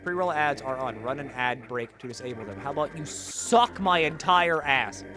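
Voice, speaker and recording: A man's voice: medium pitch, lively intonation, moderate pace, music in the background. A young man streaming, chatting casually and rambling in jokes with many filler words.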